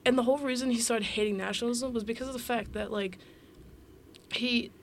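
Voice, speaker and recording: A woman's voice: a little high, fairly even intonation, a little fast, a little hiss or hum. A young woman co-hosting a podcast, chatting casually and telling a history story with lots of "like" and acted-out quotes. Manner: chatty storyteller, acts out quotes, many fillers. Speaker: podcast co-host. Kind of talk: casual chat.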